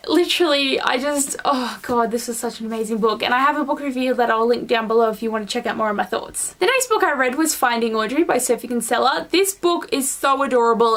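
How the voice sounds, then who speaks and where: A young adult woman vlogging a monthly reading wrap-up in a gushing, excitable way, full of "like" fillers. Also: sits high. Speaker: book vlogger.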